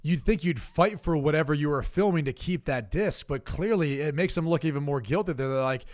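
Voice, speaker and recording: A man's voice: on the high side, a little fast, a little mellow, no room sound, clean studio sound. A man who is a former football quarterback, chatting as a guest on a sports podcast in a wry, easygoing, joking way. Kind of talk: casual sports podcast chat.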